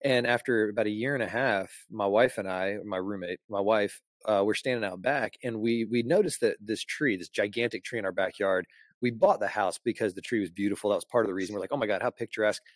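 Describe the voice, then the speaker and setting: A man's voice: lowish voice, a little fast, no echo. A man from Michigan hosting a podcast, chatting in an enthusiastic, playful and jokey way. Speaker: podcast host. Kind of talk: casual chat.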